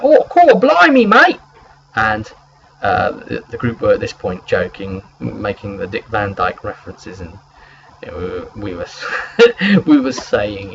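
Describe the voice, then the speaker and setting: Guy gm going over the last game session, kinda rambly with lots of uhs, low voice. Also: creaky, lo-fi sound, a little hiss or hum. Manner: rambling, hesitant, many fillers. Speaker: game master. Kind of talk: recapping a tabletop game session.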